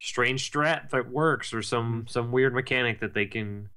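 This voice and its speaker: A man's voice: medium pitch, measured pace, sharp tone, clear, resonant tone. A man co-hosting a casual gaming podcast, giving long detailed explanations with many fillers. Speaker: podcast co-host.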